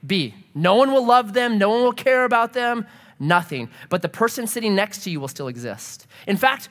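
A middle-aged male pastor preaching with a high, bright voice that swoops all over as he tells stories. He's humorous and animated, turning quiet and earnest for the serious points. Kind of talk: sermon.

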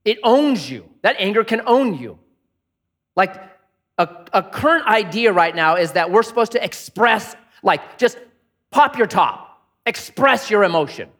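A man's voice: sits high, sing-song, measured pace, fairly bright tone. A man preaching a sermon in a conversational way, asking many rhetorical questions and acting out angry inner voices. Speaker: pastor.

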